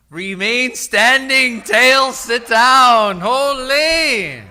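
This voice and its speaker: A man's voice: very high voice, expressive, very slow. A man working as an event emcee, calling out instructions to a crowd and leading games at a summit. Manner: calls out instructions to a crowd, sometimes shouting. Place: large indoor event hall.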